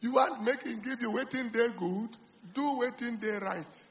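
A Nigerian man preaching a sermon as pastor, who swings from loud, fervent preaching to quiet, confiding talk and slips into Pidgin. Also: extremely high pitch, moderate pace, dull audio.

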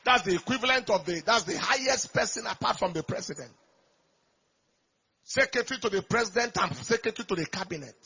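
A pastor preaches in a raspy, strained voice that sits high and gravelly. His storytelling is emphatic, swelling in force at key moments. The recording is dull and lo-fi. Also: animated, fairly quick, pushed and bright. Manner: emphatic storytelling, surges in volume. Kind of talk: sermon.

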